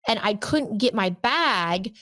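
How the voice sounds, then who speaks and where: A woman co-hosting a casual chat show, telling animated stories and acting out what people said. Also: mid-range voice, slow pace, no echo, clean studio sound. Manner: animated, exclaims and acts out quotes. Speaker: podcast co-host.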